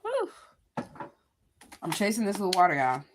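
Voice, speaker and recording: Against a noisy background, a woman with a mid-range voice talks a little slowly, her pitch swinging hugely. Hosting a livestream, she rambles candidly and casually to her viewers, addressing them directly and swearing freely.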